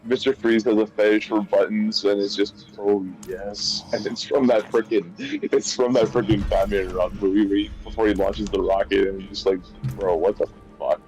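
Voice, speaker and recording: A man's voice: fairly low pitch, little pitch movement, brisk, few pauses, darkish tone, soft background music, low-quality recording. A man chatting casually during a gaming session, rambling and often repeating and restarting his sentences. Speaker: streamer chatting while gaming.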